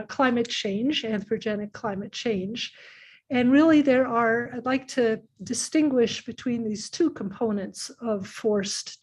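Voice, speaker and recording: A hoarse middle-aged woman giving a scientific seminar talk over a video call, measured and pausing often with fillers. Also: fairly high pitch, a little mellow. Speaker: invited seminar speaker, climate scientist.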